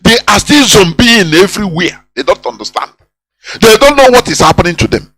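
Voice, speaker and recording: A man hosts a radio talk show in a somewhat high voice. He preaches in an impassioned monologue, repeating himself and firing off rhetorical questions. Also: very animated, fairly quick, fairly bright tone, breathy edge, low-quality recording. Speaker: radio host.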